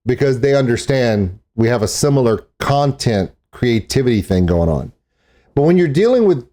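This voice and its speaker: A man's voice: mid-range voice, warm tone. A man chatting casually as a vlogger, self-deprecating and talkative. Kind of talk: casual vlog narration. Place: outdoors in a parking lot.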